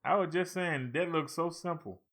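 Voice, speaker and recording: Man, casual live chat, grumbling at the screen, talking to viewers, bright, higher voice. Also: moderate pace. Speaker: channel host. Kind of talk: casual live chat while shopping online.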